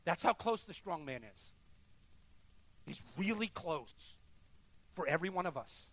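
A man preaching a sermon as pastor in a church, swinging from quiet murmurs to loud emphatic bursts and leading the congregation in prayer. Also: a little high, expressive, measured pace. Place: church sanctuary.

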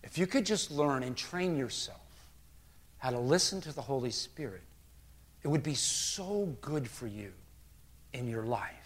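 A man's voice: on the high side, fast talker, pitched below the performer's own voice, close to an everyday voice. A male preacher voicing a stern male teacher who rebukes his host bluntly. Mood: earnest.

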